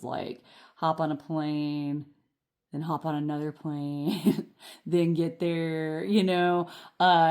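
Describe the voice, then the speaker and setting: A woman with a slightly low voice gives a relaxed tarot reading from her home, recorded on a phone camera. She talks in a chatty, comforting way, often checking in with her viewers and laughing along as she goes. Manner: chatty, reassuring, peppered with "okay?" and "right?"; laughs often while talking. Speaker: tarot reader. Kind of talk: casual pick-a-card reading. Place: home room.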